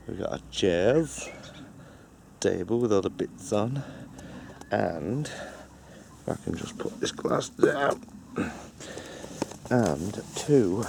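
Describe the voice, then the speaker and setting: A man's voice: on the low side, gravelly, darkish tone, slight background noise. A man chatting playfully to camera while cooking at a campsite, in a casual vlog. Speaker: vlogger. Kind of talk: casual camping vlog chat. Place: outdoors at a campsite.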